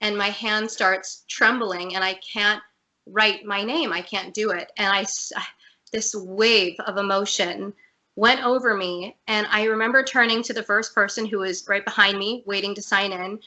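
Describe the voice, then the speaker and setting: A woman speaks as a guest over a video call, her voice bright and clear. She talks openly and earnestly about her own life, at a mid pitch for a woman. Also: fairly even intonation, normal speed. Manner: earnest, candid, emotional at times. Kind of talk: personal story in an interview.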